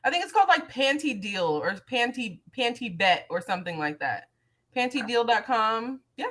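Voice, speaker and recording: A young adult woman co-hosting a casual chat, chatty and eager with quick asides. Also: a little high, very animated, bright, forceful tone. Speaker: podcast co-host.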